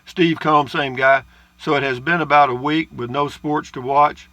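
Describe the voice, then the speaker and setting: A man's voice: on the high side, fairly even intonation, normal speed, pushed and bright, no echo. A man chatting in a folksy, rambling way as he reads viewer comments in his travel trailer. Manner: folksy and rambling, with frequent uh's and asides. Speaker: RV vlogger. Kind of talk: casual chat reading viewer comments.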